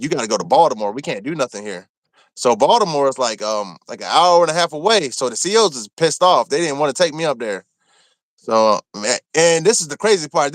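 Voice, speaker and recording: A man from Maryland telling a rough story from his time in prison, cursing freely and acting out what people said. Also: a little high, dry recording. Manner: animated, profane, acts out quotes. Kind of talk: casual storytelling.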